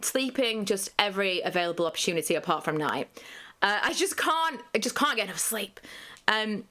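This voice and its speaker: A woman's voice: medium pitch, pushed and bright. Woman in her thirties, open and rambling personal vlogger. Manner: candid, rambling, frequent fillers. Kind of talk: candid personal vlog talk.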